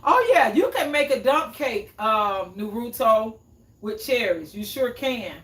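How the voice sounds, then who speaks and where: A woman's voice: fairly high pitch, expressive, a little slow, fairly bright tone. A woman hosting a cooking livestream in a home kitchen, chatting casually and answering viewers' comments. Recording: echoey room, mic at a distance.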